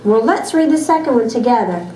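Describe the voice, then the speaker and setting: A woman teacher leading a small reading group of children, patient and encouraging and quick to praise. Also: fairly high pitch, lively intonation, dark tone. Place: classroom. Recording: echoey classroom, distant mic.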